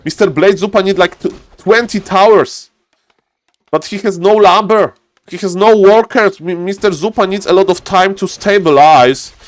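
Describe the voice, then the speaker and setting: A man casting a strategy game live, animated and laughing, breaking into high yelps. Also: normal speed, dry recording. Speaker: game caster. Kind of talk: excited live game commentary.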